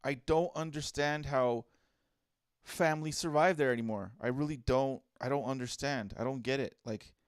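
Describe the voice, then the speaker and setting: A man's voice: medium pitch, normal speed, clean tone, no room sound, studio quality. A man co-hosting a casual comedy podcast, reading out listener posts in a laid-back way. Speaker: podcast co-host.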